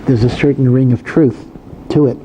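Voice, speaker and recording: A man's voice: medium pitch, steady tone, moderate pace, warm tone, muffled recording, slight background noise. A male rabbi giving a Torah lecture in a conversational way, full of asides and repeated phrases. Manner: conversational, many asides and repetitions.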